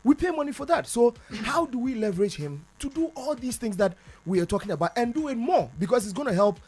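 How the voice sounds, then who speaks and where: A man's voice: extremely high pitch, sing-song, fast talker, darkish tone. A man speaking as a guest on a radio panel, making an earnest, persuasive case and repeating his points.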